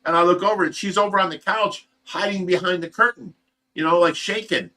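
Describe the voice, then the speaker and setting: A livestream host talks in a rambling, heartfelt way, sharing an emotional personal update. His voice sits a little high for a man and has a bright, forward edge. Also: fairly quick. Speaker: livestream host of a fish rescue. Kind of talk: casual livestream chat.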